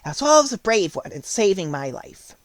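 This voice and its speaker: A man voicing a tiny, proud female queen mouse with a squeaky, indignant voice in an audiobook. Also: sing-song, normal speed, no echo. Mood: squeaky, regal. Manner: indignant, regal. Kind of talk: audiobook character voice.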